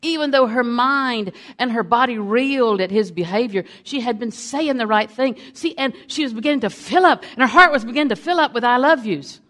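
A woman's voice: a little high, brisk, few pauses, a bit bright. An older woman delivers a sermon with emphatic repetition. She drives her points home through stories told from the pulpit. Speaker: preacher.

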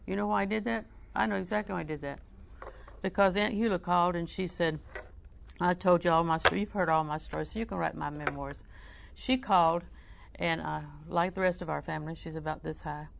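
A woman preaching a folksy sermon. She tells personal stories in a humorous, conversational way and switches between soft asides and loud, emphatic preaching. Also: lowish voice, steady tone, brisk, vocal fry, a little hiss or hum.

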